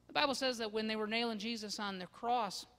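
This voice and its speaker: High-voiced man preaching in an echoing church. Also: a little fast. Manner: expressive, swinging from loud emphasis to hushed asides. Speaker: pastor. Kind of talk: sermon. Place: church sanctuary. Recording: long church-hall reverb.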